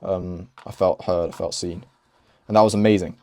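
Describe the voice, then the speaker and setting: A man's voice: sits low, fairly even intonation, moderate pace, a little mellow. A young man hosting, chatting casually over gameplay in a rambling, laughing way. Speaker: host.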